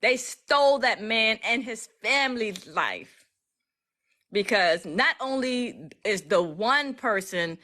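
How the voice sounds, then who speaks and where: A woman's voice: medium pitch, pushed and bright. A woman speaking, casually chatting to her followers on a livestream, emotional and full of restarts. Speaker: legal educator streaming live.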